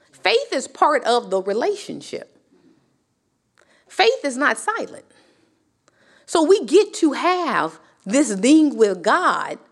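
A woman Bible teacher delivers a sermon conversationally, posing rhetorical questions and building passionate rises that climb to near cries. Her voice is high-pitched with a fairly bright tone.

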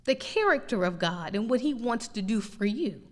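A woman preacher delivering a lively, emphatic sermon. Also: on the high side, moderate pace, big-room sound. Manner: animated preaching with rising emphatic peaks.

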